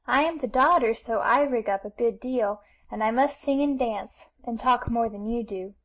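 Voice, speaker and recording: A woman's voice: a little high, normal speed, lightly acted, low-quality recording. A woman voicing a showy little girl who plays the fine daughter and turns indignant at rude guests. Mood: fussy. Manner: indignant, fussy.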